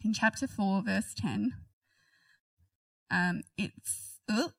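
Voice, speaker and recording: A woman's voice: medium pitch, very slow, gravelly, dry recording, distant mic, low-quality recording. Woman, casual Bible study, reads scripture then chats about it, dry sound, a bit off mic. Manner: chatty, giggly, reads scripture aloud then comments. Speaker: Bible teacher. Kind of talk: casual Bible reading and commentary.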